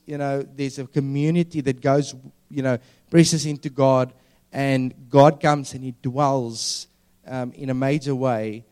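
A man preaching a sermon, earnest and drawing out key words slowly for emphasis. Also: mid-range voice, a little mellow, smooth. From South Africa.

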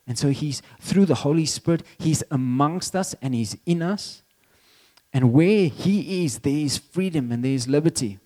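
A middle-aged man gives a sermon from the pulpit in a loose, conversational way. His voice sits a little high for a man, yet it sounds mellow and dark. He stumbles over repeated words and lets out small laughs. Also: normal speed. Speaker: pastor.

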